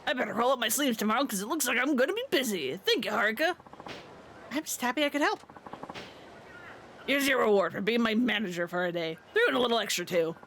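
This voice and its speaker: A woman's voice: fairly high pitch, animated, fast talker, fairly bright tone, slight background noise. A woman voicing a cheerful, grateful food stall owner in a hearty, chatty way, reading game dialogue aloud on a stream.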